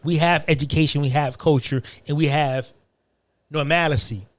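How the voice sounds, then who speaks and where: A man's voice: a little high, steady tone, moderate pace, no echo. Profane ranting man, dry close sound. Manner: profane, confrontational, repetitive. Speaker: podcast host. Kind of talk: ranting monologue.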